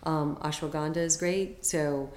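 A woman's voice: low-pitched, fairly even intonation, measured pace, a little mellow, echoey room. A woman guest on a podcast, a health coach talking in a chatty, enthusiastic way with lots of fillers. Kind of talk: casual interview chat.

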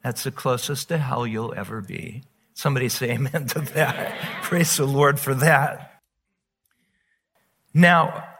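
A man preaching a sermon as pastor, emphatic and animated, drawing out quoted words slowly. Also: medium pitch. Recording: long reverb of a large hall.

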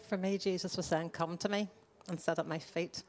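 Woman, group participant, low flat voice, quiet and wry. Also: normal speed.

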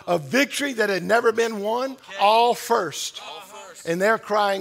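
A man pastor preaching a sermon, building up with loud, repeated refrains. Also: extremely high pitch, normal speed, soft background music. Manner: preaching with rising, shouted repetition.

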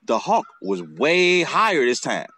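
A man's voice: a little high, very animated, measured pace, bright, forceful tone, slight background noise. A man hosting a podcast outdoors, telling a casual, swearing story and acting out the bird calls. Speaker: podcast host.

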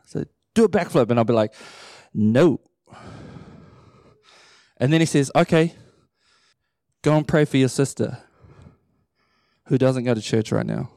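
Preacher in his thirties, warm mellow tone, humorous and lively sermon delivery. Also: medium pitch, moderate pace, vocal fry, pauses often, dry recording, clean studio sound. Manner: animated storytelling with playful humor. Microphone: handheld or stage microphone.

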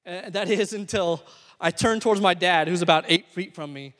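A young male preacher telling a story in a sermon. He swings between hushed moments and excited bursts in a high voice. A long reverb from the hall trails behind him. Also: normal speed.

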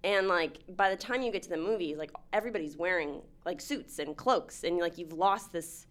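A woman in casual group chat, talking in a chatty way with lots of fillers and animated storytelling. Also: on the low side, normal speed. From lived in Turkey. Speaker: panelist.

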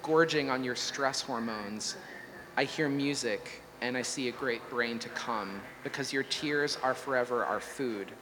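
A man's voice: mid-range voice, unhurried, natural voice. Lacrimae, a grand, solemn machine god, read by a man. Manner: solemn declamatory reading. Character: ravenous all-knowing AI god, grandly solemn. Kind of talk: scripted performance reading. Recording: long hall reverb, faint hum.

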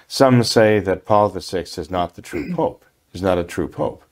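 A man's voice: low voice, expressive, normal speed, darkish tone. An older man, a priest, answering listener questions on a talk program in a hesitant way, with many fillers and restarts.

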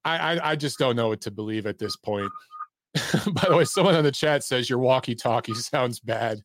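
Hosting a live call-in show about boxing, a man with a mid-range voice talks at a normal pace, reading the chat and taking calls. He's blunt, profane, and laid-back, and the audio is clean studio quality with no echo.

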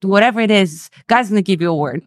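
A young woman from Brazil, a native Portuguese speaker, telling a family story in a casual interview, animated and quick to laugh. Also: medium pitch, no echo, clean studio sound. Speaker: Portuguese school director.

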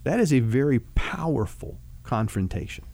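A man who works as a marriage counselor, explaining relationship advice in a relaxed, folksy storytelling way with vivid food analogies. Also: medium pitch, normal speed, gravelly. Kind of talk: conversational teaching on a talk show.

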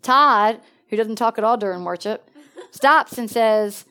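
A woman preaching in a lively storytelling way, jumping from excited bursts to hushed, quiet asides. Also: fairly high pitch, measured pace. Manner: animated, swings between excited exclamations and hushed asides. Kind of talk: storytelling sermon.

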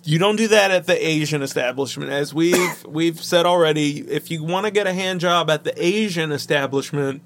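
A man's voice: a little high, normal speed, hardly any pauses, slight background noise. A man co-hosting a comedy podcast, joking crudely and laughing through his lines. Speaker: podcast co-host.

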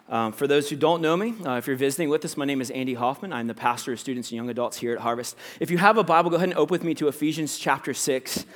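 A young adult man, a pastor, preaching a sermon in a casual, conversational way with many fillers. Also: mid-range voice.

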